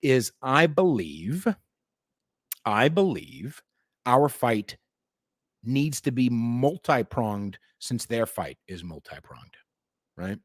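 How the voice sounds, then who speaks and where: A man's voice: medium pitch, takes it slowly, pauses often, slightly rough, no echo, clean studio sound. A middle-aged man hosting a podcast, ranting about politics with profanity and sarcasm, now and then mocking others in put-on voices. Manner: animated, sarcastic, mocks others in put-on voices, swears a lot. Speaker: podcast host.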